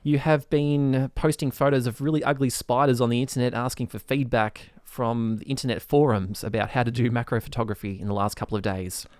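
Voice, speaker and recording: A man's voice: mid-range voice, steady tone, a little fast, few pauses, a little mellow, smooth, no room sound, studio quality. A male podcast host who chats casually and hesitantly, with frequent fillers. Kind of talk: casual chat.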